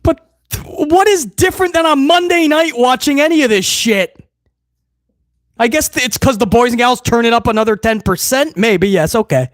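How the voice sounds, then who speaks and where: A man's voice: extremely high pitch, lively intonation, moderate pace, dry recording, studio quality. A man hosting a live wrestling watch-along stream, ranting bluntly and swearing freely in casual commentary.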